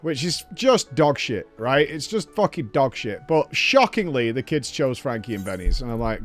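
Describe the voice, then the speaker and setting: A man in his thirties chatting and ranting on a stream, swearing freely in an animated way. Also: fairly high pitch, normal speed, hardly any pauses, soft background music. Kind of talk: casual stream chat.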